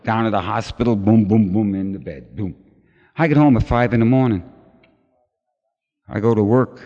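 Man telling a lively recovery story. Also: on the low side, normal speed. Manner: animated storyteller, acts out voices of others. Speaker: recovery meeting speaker. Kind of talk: personal recovery story told to a crowd. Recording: dull lo-fi recording with long hall reverb.

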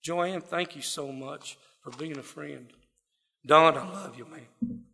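A man's voice: on the high side, slow pace, creaky, pushed and bright. A man giving a heartfelt, folksy personal testimony to a gathering. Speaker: speaker sharing recovery story. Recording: long reverb of a hall.

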